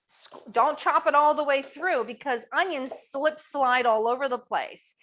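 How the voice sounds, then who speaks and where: A woman's voice: high voice, measured pace, a bit bright, slight background noise. A middle-aged woman hosting a live online cooking demo, upbeat and chatty, asking viewers to type answers in the chat. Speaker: cooking class host.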